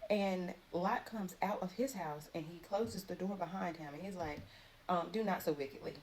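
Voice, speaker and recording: A woman's voice: on the low side, unhurried, slight background noise. A woman giving a casual, chatty recap of Bible chapters in everyday language. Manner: chatty, retells scripture in everyday speech. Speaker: Bible reading vlogger.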